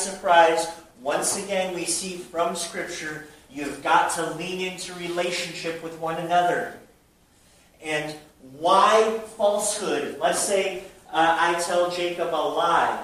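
A man's voice: on the high side, steady tone, slow pace, a bit bright. A man preaching a sermon to his congregation, emphatic and full of rhetorical questions. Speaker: pastor. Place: church sanctuary. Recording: very echoey room from far off with faint noise.

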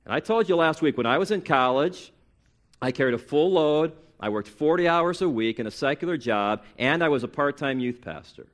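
Middle-aged pastor guy preaching, punchy and sarcastic, gets loud on the big lines. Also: animated, moderate pace. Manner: emphatic, rises in pitch and volume for punchy lines; sarcastic, mimics excuses in quoted voices. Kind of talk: sermon.

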